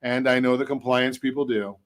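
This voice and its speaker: A man hosting a casual radio talk show on homes and mortgages, chatty and a little halting, with dry asides. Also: medium pitch, fairly even intonation. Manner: chatty, stumbles over words, drops dry jokes. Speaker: radio host and mortgage expert.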